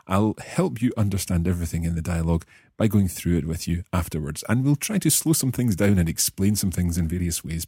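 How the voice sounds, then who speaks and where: A man's voice: low-pitched, mellow, husky, no echo, clean studio sound. A Scottish man hosting a language-learning podcast, explaining patiently and encouraging his listeners. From Scotland. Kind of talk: friendly explanatory teaching.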